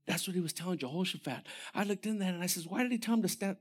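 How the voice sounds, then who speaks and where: A man preaching a sermon as pastor, animated, swinging from shouted lines to hushed, near-whispered ones. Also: high-pitched, racing, slightly rough.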